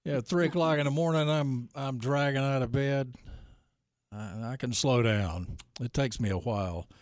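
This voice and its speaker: An older man hosting a call-in gardening radio show, jokey and animated. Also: mid-range voice, dry recording, clean studio sound. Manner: lively, jokey, reads phone numbers slowly.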